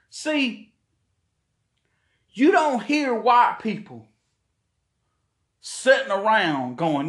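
A man's voice: extremely high pitch, animated, slow, pauses often, a bit bright, reverberant. A man from South Carolina, hosting a podcast in a heated, profane, rambling rant. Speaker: podcast host. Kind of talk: ranting monologue.

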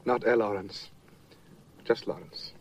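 An actor playing a reserved young English officer, answering in clipped, subdued film dialogue. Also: male voice, on the low side, fairly even intonation, measured pace, creaky, dull audio. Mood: guarded.

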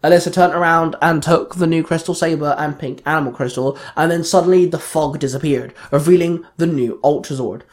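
A man reading fan fiction aloud in a steady, plain narration. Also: a little high, a little fast, few pauses. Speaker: storyteller.

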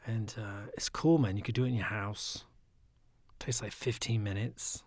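A man with a raspy, phlegmy throat, talking in a soft, often half-whispered, rambling casual monologue. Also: on the low side, steady tone, normal speed, no room sound, studio quality.

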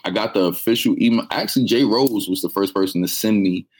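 Deep-voiced poet from New York. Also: male voice, fast talker, a little mellow. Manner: laid-back, reflective, slangy. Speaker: guest poet. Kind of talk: casual interview chat.

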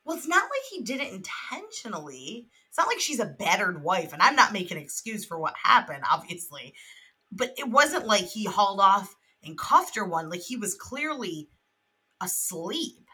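A young adult woman co-hosting a podcast in casual chat. She is animated, swears freely and laughs often. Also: mid-range voice, moderate pace, breathy edge, low-quality recording. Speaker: podcast co-host.

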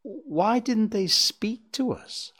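A man voicing a shy, wondering young male fawn in a storybook reading, asking soft, high, tentative questions. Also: lively intonation, slow, slightly rough, heavily acted.

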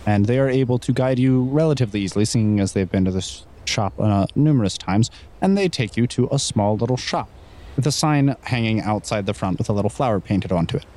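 A man's voice: on the low side, expressive, fairly quick, dark tone. A man acting as game master, narrating a tabletop game in a playful way.

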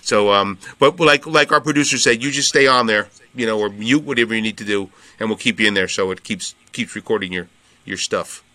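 A man's voice: fairly low pitch, a little fast, bright, forceful tone, no room sound. A man co-hosting a podcast in casual chat, rambling with many fillers and frequent laughter. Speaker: podcast co-host.

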